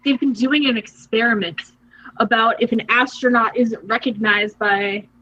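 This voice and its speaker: A woman's voice: a little high, moderate pace. A young woman co-hosting a podcast, casually recapping a TV episode and acting out the characters' lines. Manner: animated retelling, acts out characters' lines. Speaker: podcast co-host. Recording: dull lo-fi sound.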